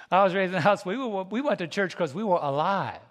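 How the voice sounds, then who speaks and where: A male pastor preaching a sermon, folksy and animated, calling out to the congregation and laughing between stories. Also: high-pitched, moderate pace, big-room sound. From United States. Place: church sanctuary.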